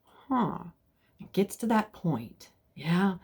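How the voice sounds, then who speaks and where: A middle-aged woman telling a personal story in a casual, animated way, sometimes dropping to a whisper for suspense. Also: on the low side, slow pace, breathy edge.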